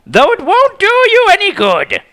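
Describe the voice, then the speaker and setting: A man's voice: extremely high pitch, wildly swooping pitch, measured pace, pushed and bright, pitched above the performer's own voice, full character voice. A man voicing a gloating young female villain adorned in plants, speaking with mocking, taunting delivery in a dramatic reading. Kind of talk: dramatic reading with character voices.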